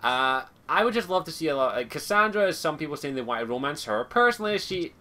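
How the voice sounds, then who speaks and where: A man's voice: fairly high pitch, very animated, fast, bright, forceful tone. A man with a Scottish accent hosting a casual podcast chat, joking and laughing often. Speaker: podcast host.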